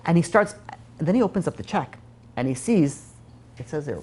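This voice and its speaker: A man, a rabbi, giving a class on faith, telling a story expressively and swinging from loud to soft. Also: on the high side, animated, fairly quick, slightly rough.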